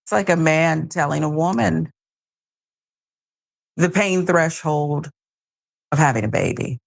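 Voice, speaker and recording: A woman's voice: sits low, unhurried, creaky. A woman hosting a news talk show, giving wry, sarcastic commentary.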